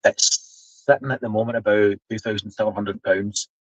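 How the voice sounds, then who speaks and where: A man's voice: fairly low pitch, fairly even intonation, normal speed, no echo, dull audio. A man in his seventies with a Scottish accent, chatting casually on a live stream, explaining things while he reads the chat. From Scotland. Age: 70s. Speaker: livestream host.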